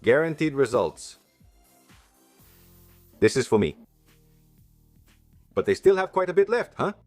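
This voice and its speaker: A man's voice: fairly high pitch, big pitch swings, unhurried, darkish tone, faint music behind. A man hosting a cooking channel, chatting enthusiastically to viewers as he cooks in a home kitchen. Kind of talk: casual cooking demonstration.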